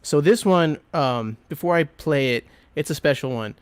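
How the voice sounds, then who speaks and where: A man's voice: a little high, expressive, moderate pace, clear, resonant tone, no echo. A man hosting a music podcast, chatting with enthusiasm and plenty of fillers as he introduces records. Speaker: podcast host and record selector. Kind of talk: casual chat.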